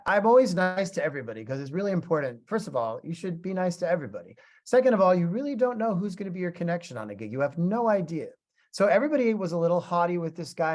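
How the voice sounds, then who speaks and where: Chatty middle-aged man telling stories. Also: fairly high pitch. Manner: animated, chatty, acts out both sides of conversations. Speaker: guest musician teaching a class. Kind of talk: casual storytelling lecture.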